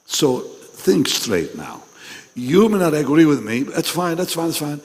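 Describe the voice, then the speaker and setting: Slow preacher with a strained voice in a hall. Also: male voice, a little high, very animated. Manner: swings from loud calls to hushed, breathy asides. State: recovering from a lost voice. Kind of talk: sermon to pastors. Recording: long hall reverb.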